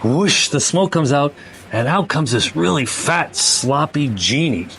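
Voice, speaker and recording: A man's voice: fairly high pitch, animated, a bit bright, slight background noise. A man hosting a casual chat, telling a long joke in a rambling way. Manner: rambling storyteller, quick bursts. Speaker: host.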